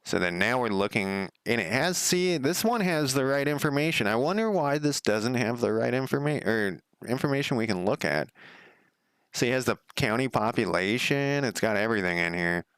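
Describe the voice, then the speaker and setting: A man's voice: mid-range voice, animated, moderate pace, fairly bright tone, clear, resonant tone, dry recording, clean studio sound. A middle-aged man giving casual, rambling commentary as he codes a game, talking to himself and laughing at his own slips. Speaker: game developer streaming his coding. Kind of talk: casual live coding commentary.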